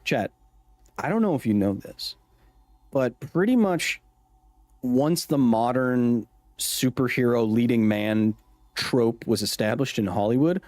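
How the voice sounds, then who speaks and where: A man hosting a gameplay livestream, reading out chat messages and answering them with offhand jokes. He talks at an ordinary pitch into a close microphone, and the sound is very dry. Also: animated, unhurried, pauses often, a little mellow, no echo. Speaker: livestream host.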